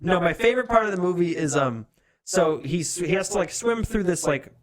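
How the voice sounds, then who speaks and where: A man's voice: high voice, expressive, fairly quick. A man co-hosting a casual podcast, dryly joking about a movie's plot holes. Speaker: podcast co-host. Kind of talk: casual chat.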